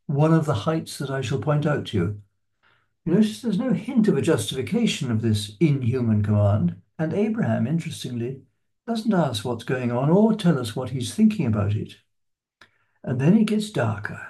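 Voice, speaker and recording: A man giving an unscripted lecture on a Bible passage, in a measured, explanatory way that stresses key words. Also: a little high, mellow. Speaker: lecturer on scripture.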